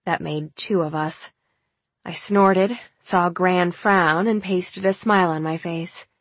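A woman reads a first-person novel aloud in a measured, wry manner. Her voice sits on the lower side, and the recording is very dry and close, with no room sound. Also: fairly even intonation, dry recording. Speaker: audiobook narrator.

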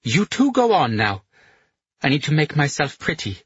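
Male narrator plays a tipsy, tearful mistress, slurred and lifted high, dry and dull sound. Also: big pitch swings, moderate pace, breathy edge, dry recording, heavily acted. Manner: slurring, high-pitched and pleading. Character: drunk tearful woman, jilted mistress.

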